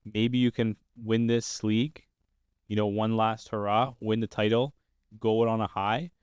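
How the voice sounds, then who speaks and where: Smooth low-voiced young male podcast host. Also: flat delivery, measured pace, a little mellow, no room sound, studio quality. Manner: upbeat, steers the talk with questions. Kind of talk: casual sports chat.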